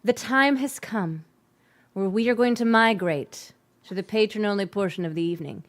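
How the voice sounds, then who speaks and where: A woman's voice: mid-range voice, moderate pace. A woman hosting a casual livestream, upbeat and enthusiastic. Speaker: host.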